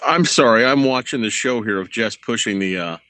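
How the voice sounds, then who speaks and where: A man's voice: mid-range voice, expressive, a little fast, pushed and bright. A man co-hosting a comedy podcast, dropping wry, profane asides in casual chat. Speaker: podcast co-host.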